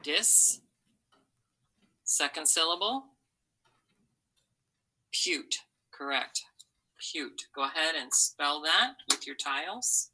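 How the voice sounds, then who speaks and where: A woman teaching a recorded phonics lesson to young children, modeling words slowly syllable by syllable. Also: low-pitched, expressive, pushed and bright, slightly rough, low-quality recording. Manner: slow, patient, syllable-by-syllable modeling. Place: online video lesson.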